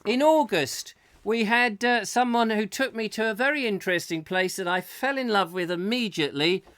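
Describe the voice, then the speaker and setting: A man's voice: sits high, measured pace, a bit bright, dry recording. A man hosting a live comic chat show, rambling and joking at his own expense. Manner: jokey, rambling, self-mocking. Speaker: host.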